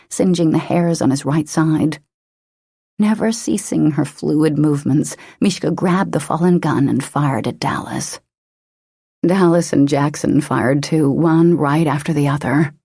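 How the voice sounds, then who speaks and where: A woman narrating an action-romance audiobook in a steady, dramatic manner. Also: sits low, vocal fry, breathy edge, no room sound, clean studio sound. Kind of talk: scripted narration.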